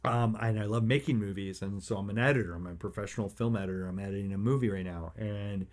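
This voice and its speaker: A man hosting a motivational podcast, rambling through personal stories and growing excited and emphatic. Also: lowish voice, fast talker. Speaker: podcast host.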